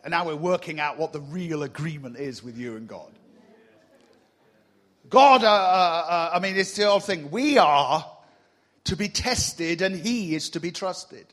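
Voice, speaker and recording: Man preaching a sermon, husky voice, slightly high, swooping delivery, joking with the congregation. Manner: animated and humorous, teasing rhetorical questions. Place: church hall with a congregation. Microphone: mic on a stage.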